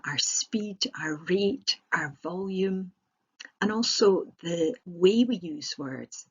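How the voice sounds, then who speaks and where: A woman's voice: on the low side, slightly rough, highs cut off. A woman giving a recorded presentation as a trainer, explaining step by step with rhetorical questions and the odd filler.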